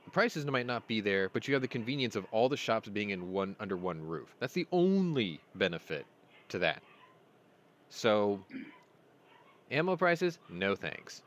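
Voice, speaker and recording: A man with a low voice chats casually as the host of his own stream. He rambles through his stories, and his pitch swings widely as he goes. He often laughs at his own jokes. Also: sing-song, unhurried, fairly bright tone. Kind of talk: casual live-stream chat.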